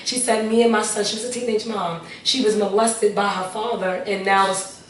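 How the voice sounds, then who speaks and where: Heard from a distance, this woman speaks at a moderate pace with medium pitch and fairly even intonation. As an interview guest, she earnestly recounts her personal testimony, with prayerful asides and phrases said more than once. Her voice sits a little off-mic in an echoey room over faint background noise.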